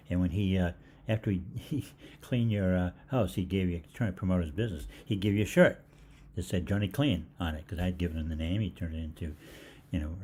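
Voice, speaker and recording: A man's voice: sits low, mellow, a little hiss or hum. An older man hosting a live health Q&A, telling rambling stories with lots of fillers and restarts. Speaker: holistic health host. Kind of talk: live Q&A storytelling.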